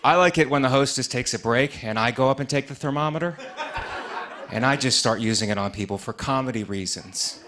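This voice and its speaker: A man doing a stand-up comedy set with deadpan punchlines in a TV studio. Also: medium pitch, brisk.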